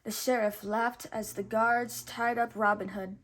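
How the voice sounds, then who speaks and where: A woman reading a storybook aloud with expressive, measured narration. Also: on the high side.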